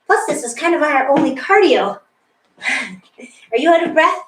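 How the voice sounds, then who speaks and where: A woman's voice: high-pitched, sing-song, measured pace, roomy sound, far from the mic, slight background noise, poor audio. A woman leading a guided workout, a little out of breath, encouraging and laughing often as she gives instructions. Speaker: fitness instructor. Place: room with a wall and ceiling tiles, indoors.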